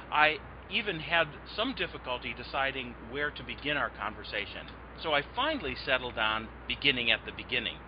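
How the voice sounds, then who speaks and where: A man's voice: medium pitch, background noise. A man hosting a podcast interview, talking in a campy, flirtatious, teasing way. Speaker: podcast host. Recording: muffled lo-fi audio, faint music.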